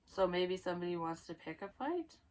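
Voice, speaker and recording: A woman's voice: lowish voice, big pitch swings, a little fast, a little mellow, a little hiss or hum. A woman giving a casual tarot reading, rambling and blunt, swearing freely as she goes. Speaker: psychic tarot reader.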